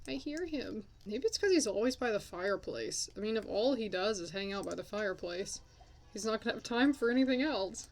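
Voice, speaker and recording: A woman's voice: fairly high pitch, a little fast. A young woman hosting a casual game commentary, chatting and swearing at her characters as she plays. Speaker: let's play host.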